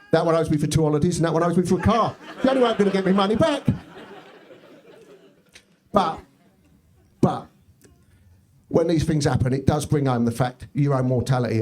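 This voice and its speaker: In a comedy club, a middle-aged man works through a stand-up set, delivering his stories deadpan and tossing quick asides to the audience. His voice is fairly high.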